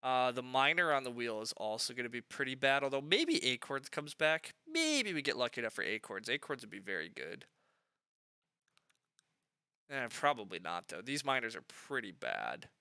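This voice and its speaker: A man's voice: mid-range voice, big pitch swings, normal speed, bright, forceful tone, smooth, dry recording. A man streaming a board game live, thinking aloud in a chatty way with lots of fillers as he weighs his picks.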